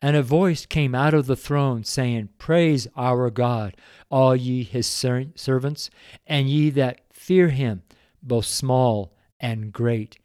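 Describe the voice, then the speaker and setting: A man's voice: mid-range voice, slow, a little mellow, clean tone, no room sound, studio quality. A middle-aged man reading the Bible aloud and talking about it in a devotional way. He is earnest and emotional, and his voice swells when he reads the praise passages. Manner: reads scripture aloud with rising fervor. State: choked up at times.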